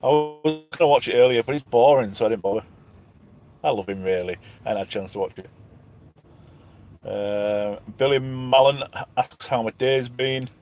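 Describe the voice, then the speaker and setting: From his cab at night, an English truck driver streams live to his channel at a moderate pace in a mid-range, slightly mellow voice. Chatty and full of self-deprecating laughs, he reads out viewers' questions and names.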